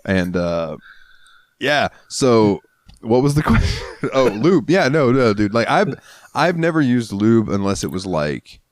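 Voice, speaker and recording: A man's voice: medium pitch, very animated, a little slow, dry recording, clean studio sound. A man co-hosting a podcast in casual crude chat, joking and laughing often. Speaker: podcast co-host.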